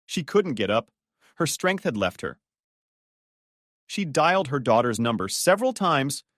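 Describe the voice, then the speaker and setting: Lively male story narrator, dry sound. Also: medium pitch, no room sound.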